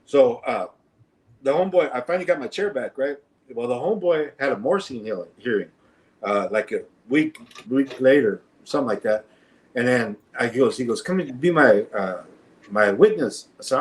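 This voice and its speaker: A man telling a street story in casual conversation, often laughing and acting out the voices of others. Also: medium pitch. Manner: animated, laughing, acts out voices in anecdotes. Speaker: guest storyteller.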